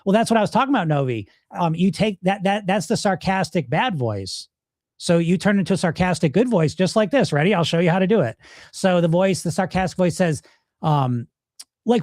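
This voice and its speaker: A man's voice: high voice, animated, brisk, a little mellow, no echo, clean studio sound. A middle-aged man coaching viewers on weight loss in a casual live Q&A, blunt and emphatic, swearing freely.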